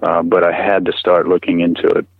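A middle-aged man telling his story in an interview, halting and repeating words with many fillers, heard over a tinny phone line. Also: low-pitched, completely flat delivery, no echo. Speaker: guest recounting personal experience.

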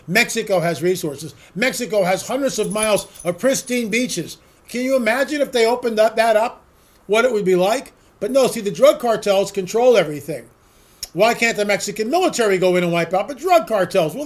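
A man hosting a solo political commentary monologue. He rambles, asks sarcastic rhetorical questions and repeats words for emphasis. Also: high voice.

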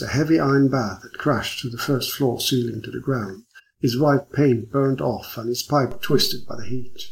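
A man giving a measured, even audiobook narration of a detective story. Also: mid-range voice, gravelly, rough recording. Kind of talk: scripted narration.

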